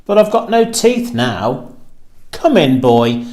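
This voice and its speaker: A man voicing a very old, toothless male giant in a storybook, speaking slowly with a gruff, booming, fierce manner. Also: big pitch swings, a little mellow.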